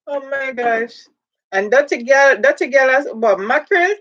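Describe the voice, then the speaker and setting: A woman with a Jamaican accent hosts a casual livestream, reading viewer comments aloud and slipping into patois. Her voice sits high and a bit bright, with a slightly slow pace. The audio is dull, lo-fi livestream sound.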